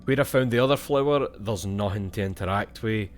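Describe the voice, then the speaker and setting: A man's voice: fairly low pitch, a little fast, slight background noise. A young Scottish man playing a video game and thinking aloud in casual, swear-filled commentary. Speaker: gaming streamer.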